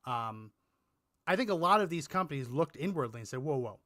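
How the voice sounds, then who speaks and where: Bright-toned man on a dry, close mic. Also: a little high, animated, fairly quick, dry recording. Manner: meandering, restarts sentences, chuckles. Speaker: podcast co-host. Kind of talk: casual political chat.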